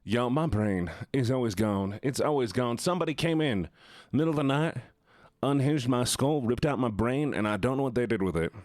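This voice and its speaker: A man's voice: mid-range voice, moderate pace, a little mellow, dry recording, studio quality. A man streaming games who chats playfully and goofily with his viewers. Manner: playful, goofy, talks to chat. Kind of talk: casual live-stream chat.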